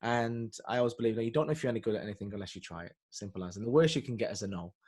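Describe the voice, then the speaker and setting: A man, a guest chatting casually over a video call and telling animated stories. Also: lowish voice, rapid-fire, slightly rough. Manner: chatty, animated storyteller, lots of fillers and restarts. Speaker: guest, singer and actor. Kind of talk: casual interview chat.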